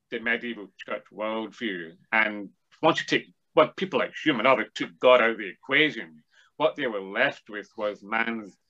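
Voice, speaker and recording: A man's voice: medium pitch, sharp tone, muffled recording. A man as an interview guest, explaining ideas in a discursive, lecturing way with frequent restarts. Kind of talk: thoughtful academic discussion.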